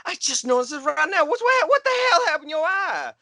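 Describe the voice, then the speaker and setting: A man's voice: extremely high pitch, big pitch swings, fast talker, pushed and bright, no echo, heavily acted. A man playing a rambling, gun-loving Southern job candidate in a comedy sketch, speaking with a Southern US accent and odd formal wording over a video call.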